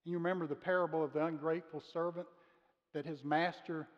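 A man delivers a sermon from the pulpit of a church sanctuary, speaking in an earnest, measured way. His voice sits somewhat high for a man, and he slows down to press on important words. The recording is dull and a little muffled, with a long reverb trailing off the walls. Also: fairly even intonation. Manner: earnest, measured preaching with slowed emphasis on key words. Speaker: pastor. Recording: muffled sound with long reverb of a large room.

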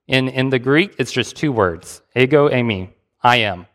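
A man's voice: mid-range voice, normal speed, hardly any pauses, big-room sound. A man preaching a sermon, reading scripture and retelling it in a conversational way with restarts.

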